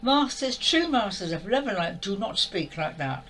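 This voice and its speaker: Older woman, tearful and exasperated, animated rising and falling delivery, heartfelt monologue to camera. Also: mid-range voice, moderate pace, a little hiss or hum, low-quality recording. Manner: upset, exasperated, repetitive. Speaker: spiritual channel speaker.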